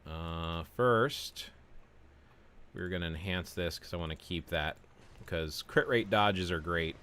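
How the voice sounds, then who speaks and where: Male streamer, forties, very low voice, relaxed and chatty, talks through gameplay. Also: takes it slowly, smooth. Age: 40s. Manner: relaxed, chatty, explains game steps while answering chat. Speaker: game streamer. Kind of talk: casual livestream chat.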